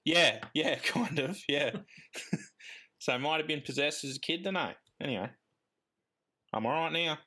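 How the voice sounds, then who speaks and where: A man co-hosts a podcast in loose, casual chat. His voice is bright and swoops up and down as he jokes, laughs, and drops into goofy character voices. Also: fairly high pitch, expressive, normal speed, pauses often. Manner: joking, laughs often, slips into silly character voices. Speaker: podcast co-host.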